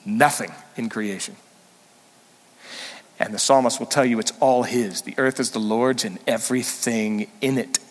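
A man preaching a sermon as senior pastor, animated and emphatic, sometimes rising suddenly loud. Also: mid-range voice, measured pace, in a large hall.

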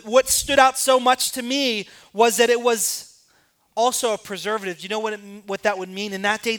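A man preaching with passion, his voice sitting high and ringing bright. He swings from hushed, close moments to loud emphatic peaks as he presses each point on the congregation. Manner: impassioned preaching, rising to emphatic peaks and dropping to quiet asides. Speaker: pastor. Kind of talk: sermon.

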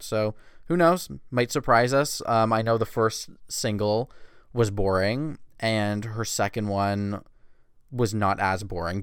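A man's voice: fairly low pitch, clean tone, no echo, clean studio sound. A man in his late twenties giving blunt, sarcastic celebrity gossip commentary, with frequent swearing. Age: late 20s.

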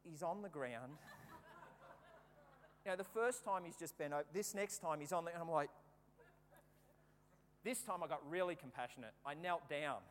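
A man preaching a sermon, telling funny personal stories with lively, acted-out storytelling. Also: fairly high pitch, moderate pace, pauses often. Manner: lively anecdotal storytelling, acting out the scenes. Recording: long hall reverb, faint background hum.

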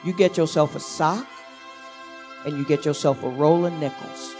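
A woman's voice: deep voice, normal speed, close to an everyday voice. Casting: a woman putting on a bossy, streetwise old cashier lady, repeats herself, music faintly behind. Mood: commanding. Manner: bossy, repetitive, streetwise advice-giving.

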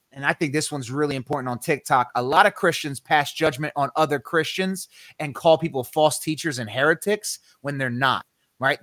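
A man with a slightly high voice teaching scripture on a casual faith podcast, emphatic and a little preachy, dropping slang as he goes. His voice sits dry and close, with no room around it. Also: a bit bright, no echo. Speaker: podcast co-host.

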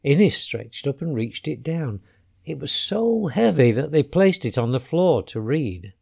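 Slow, expressive male storyteller. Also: on the high side, creaky. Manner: expressive, unhurried. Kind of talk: children's storybook narration.

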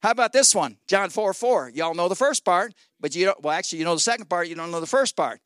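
A man in his sixties preaching a sermon as guest pastor, folksy and exhorting, swinging between loud shouts and low asides. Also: animated, fast talker, no room sound, clean studio sound. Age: 60s. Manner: folksy, exhorting with 'come on, somebody'.

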